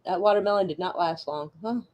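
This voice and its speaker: An adult woman streamer chats casually about an old comedy film, laughing often and swearing freely. Her lowish voice has a darkish tone, and she talks fast.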